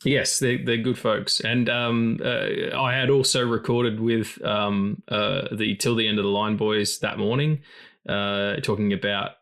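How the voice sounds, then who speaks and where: Unhurried and a bit bright, this man's fairly low, steady voice carries his casual film podcast banter as co-host. He swears freely, stays chatty and relaxed, and fills gaps with lots of fillers.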